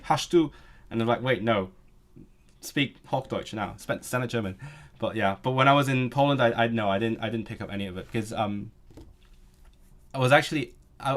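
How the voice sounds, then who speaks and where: A man's voice: medium pitch, fairly bright tone. A young man hosting a casual live stream, talking at a desk mic with many fillers and restarts. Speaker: language streamer.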